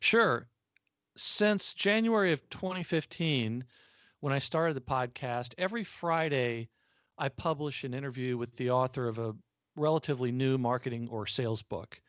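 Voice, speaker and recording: Casting: relaxed American man, mid pitch, chatty with frequent uh fillers, dry slightly muffled video-call sound. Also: normal speed, dry recording. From United States. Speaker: podcast host appearing as guest. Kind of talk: casual interview chat.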